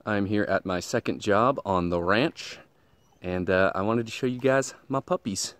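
A man vlogging outdoors on a ranch into a handheld camera, tired and sweaty, cooing excitedly at puppies. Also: moderate pace. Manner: excited, coos at puppies in a high voice. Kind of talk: casual vlog.

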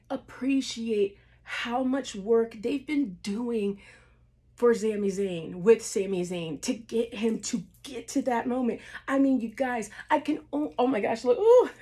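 A woman hosting her own wrestling channel, giving a casual reaction recap, gushing and excitable, full of fillers and little laughs. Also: a little high. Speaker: wrestling video host.

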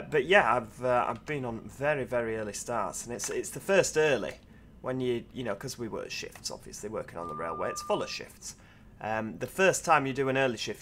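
A man's voice: mid-range voice, fairly bright tone. A tired man, rambling casually in gameplay commentary and making self-deprecating asides. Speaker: train sim video host.

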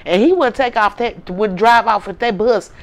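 A woman's voice: mid-range voice, moderate pace. A woman with a St. telling a story in casual talk, blunt and swearing freely. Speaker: vlogger.

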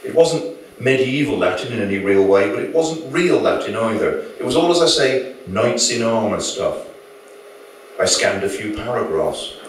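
Man reading his own novel live, wry lively delivery, big echoey room, mic far away. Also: fairly low pitch, moderate pace, a little hiss or hum. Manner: dry, wry storytelling. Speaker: author.

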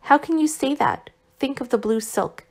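A woman voicing a gentle, worn-out young man who is still recovering, speaking tenderly with some reproach, in an audiobook reading. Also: high-pitched, animated, moderate pace, creaky, pitched above the performer's own voice, exaggerated voice. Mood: tender, reproachful.

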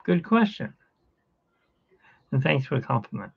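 A man's voice: fairly high pitch, very animated, a little slow, gravelly, breathy edge, dull audio. A middle-aged man hosting a casual live stream from home, rambling and chuckling as he talks to viewers while he sketches. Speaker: host.

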